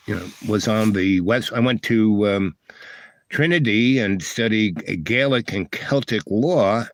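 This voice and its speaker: Older guy rambling through an old story on his stream, lowish voice, dry, lots of ums and restarts. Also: dry recording. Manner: meandering, many restarts and fillers. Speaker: livestream host.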